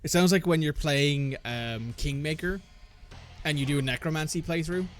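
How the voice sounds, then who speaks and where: A man's voice: on the high side, moderate pace, soft background music. A man chatting casually while playing a video game, rambling and joking as he interrupts himself. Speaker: gamer commentating gameplay with friends. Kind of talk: casual gameplay commentary.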